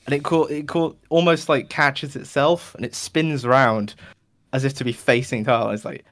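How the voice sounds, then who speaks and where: A man's voice: medium pitch, moderate pace. A man hosting a podcast, telling a long rambling joke in a loose, casual way and filling it with whooshing sound effects. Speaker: podcast host. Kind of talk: rambling comedic storytelling.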